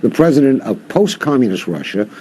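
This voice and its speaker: Impassioned older male professor, husky. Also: medium pitch, big pitch swings, fairly quick, mellow. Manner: impassioned, rhetorical questions. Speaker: guest professor. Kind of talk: interview commentary.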